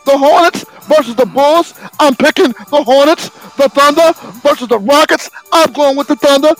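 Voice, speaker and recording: A man, the show's sports segment host, reading basketball scores and stats in a slow, sing-song way with sudden shouted bursts. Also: very high voice, faint music behind, low-quality recording.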